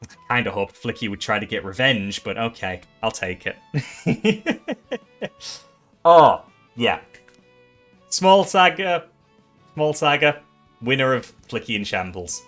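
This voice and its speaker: A man hosting his own game awards on a live stream, excitable and swearing, often stumbling and restarting his sentences. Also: fairly low pitch, a little slow, soft background music.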